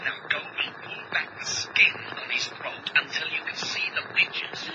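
An actor playing a steady man who gives urgent, measured orders, in old radio drama style. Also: lightly acted. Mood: commanding. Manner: firm, commanding, measured. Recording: dull old recording with loud hiss.

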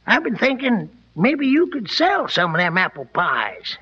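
A friendly backwoods lumberjack drawls in a high, bright, husky voice that rises and falls a lot. The sound is muffled, like an old radio broadcast. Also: male voice, wildly swooping pitch, measured pace, exaggerated voice. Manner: folksy drawling talk. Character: folksy frontier lumberjack, friendly and plainspoken. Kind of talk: 1940s radio drama acting.

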